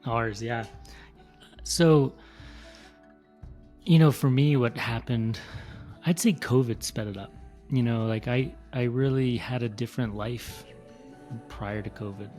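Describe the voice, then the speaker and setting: A middle-aged man from the East Coast of the United States, co-hosting a podcast, talking in an earnest, measured way with some fillers. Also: medium pitch, steady tone, a little mellow, faint music behind. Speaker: podcast co-host. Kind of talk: casual reflective talk.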